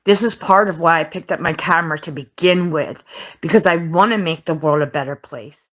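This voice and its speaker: A woman's voice: sits low, fairly quick, a bit bright. A woman venting to her viewers, frustrated and holding back tears. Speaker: video auditor. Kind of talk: vlog clip.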